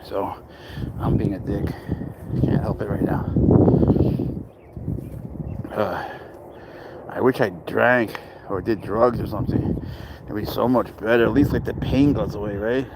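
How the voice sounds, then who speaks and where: A man's voice: on the low side, a little slow, gravelly, pauses often, heavy background noise. A young man chatting casually on a phone livestream, rambling and crude as he answers viewer comments and talks to his cat outdoors.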